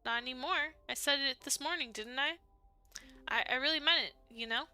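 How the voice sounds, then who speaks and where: A woman's voice: sits high, normal speed, sharp tone, smooth, soft background music. A woman voicing the game's young heroine, comforting and encouraging. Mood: reassuring. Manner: reassuring, encouraging.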